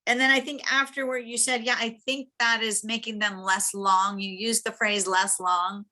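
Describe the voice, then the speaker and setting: A bright, clear-toned woman talks through a speech evaluation over a video call. She is chatty and encouraging, with quick asides where she acts out what she thought. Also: on the high side, little pitch movement. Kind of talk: spoken feedback on a speech.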